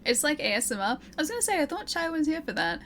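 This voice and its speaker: Her voice sits high, a bit bright, with big pitch swings, and she talks fast; there's a little hiss or hum on the recording. A young woman streaming a game over background game music, she chats casually, giggles between lines and reads her viewers' chat out loud.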